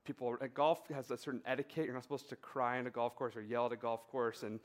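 A man's voice: medium pitch, quick pace. Man preaching conversationally. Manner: relaxed storytelling with fillers and emphatic repetition. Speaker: pastor. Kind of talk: conversational sermon with personal story.

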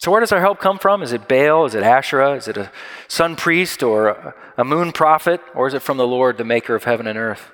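A man preaching a sermon, explaining scripture and telling a story with animated, acted-out quotes. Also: mid-range voice, fairly quick, big-room sound. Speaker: pastor.

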